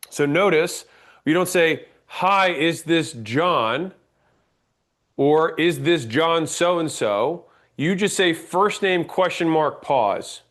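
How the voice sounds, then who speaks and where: A man teaching a workshop on sales call scripts, lively and direct, acting out sample calls and checking in with "right?". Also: fairly high pitch. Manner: energetic, acts out sample calls, frequent "right?" check-ins. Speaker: sales trainer.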